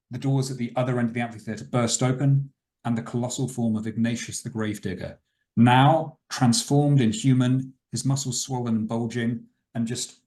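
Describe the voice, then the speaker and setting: A man narrates as game master for a tabletop game, relaxed and loose, leaning on fillers as he sets scenes. His voice carries a noticeable echo from a roomy space. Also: medium pitch.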